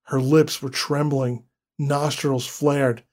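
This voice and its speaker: A man giving a scripted horror story narration in a slow, deliberate, dramatic way. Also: mid-range voice, darkish tone.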